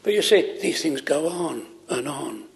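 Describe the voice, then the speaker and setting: Slow earnest preacher in a chapel. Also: male voice, a little high, expressive, gravelly, in a large hall. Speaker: pastor. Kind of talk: sermon.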